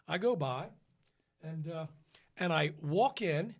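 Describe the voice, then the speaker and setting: A man's voice: a little high, takes it slowly. An American man, an opera tenor, telling a casual story on a podcast and acting out the people he quotes. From United States. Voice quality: animated storyteller who acts out quoted voices. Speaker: podcast co-host.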